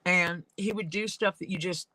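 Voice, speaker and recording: A woman's voice: lowish voice, normal speed, bright, forceful tone, no room sound, poor audio. A woman leatherworker rambling through casual stories while she works at her craft. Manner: rambling, storytelling.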